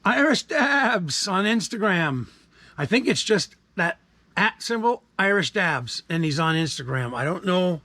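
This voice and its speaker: A man's voice: high-pitched, sing-song, measured pace, sharp tone, no echo. A man, rambling casually to camera in a laid-back vlog chat. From Canada. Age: 60s. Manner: rambling, laid-back, frequent fillers and asides. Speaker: vlogger.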